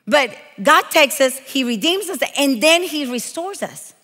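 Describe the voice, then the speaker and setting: A woman from Puerto Rico giving a lively, playful sermon full of stories and emphatic points. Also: high voice, a little slow, long reverb tail. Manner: animated, playful, emphatic preaching with quoted asides. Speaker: guest preacher.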